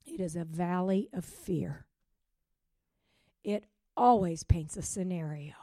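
A woman preaching a sermon with passion, swinging from loud rising calls to hushed, quiet drops. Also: on the low side, lively intonation, unhurried, no room sound. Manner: impassioned, with sudden loud rises and hushed drops.

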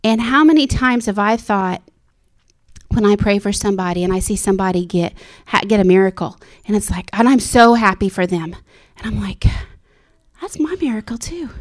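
Impassioned woman preaching. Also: brisk. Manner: impassioned, rising to high excited exclamations. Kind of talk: sermon.

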